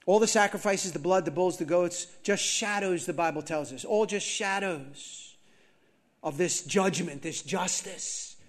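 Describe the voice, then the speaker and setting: A male pastor preaching a sermon, moving between loud emphatic scripture reading and quiet, slow reflection, often repeating key phrases. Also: sits high.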